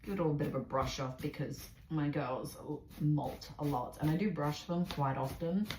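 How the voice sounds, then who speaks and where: A woman's voice: low-pitched, moderate pace, a little mellow. A woman from Australia with an Australian accent, chatting casually while cleaning a pet cage, filmed on a phone resting in the cage. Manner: chatty, rambling, talks to pets in sing-song baby talk. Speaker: pet vlogger. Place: indoors at a large pet cage. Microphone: phone camera resting on a cage shelf. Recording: echoey room, faint noise.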